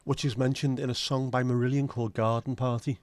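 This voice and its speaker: A man's voice: medium pitch, level tone, fairly quick, darkish tone, no room sound. A man with a Scouse accent, hosting a livestream in casual, blunt, sweary banter with his viewers. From Liverpool, England. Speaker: livestream host.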